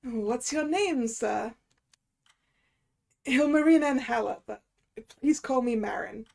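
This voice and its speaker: A woman reading the lines of a friendly young male pilot in a game, in a courteous, gentle way close to her own voice. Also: a little high, slow, creaky, exaggerated voice.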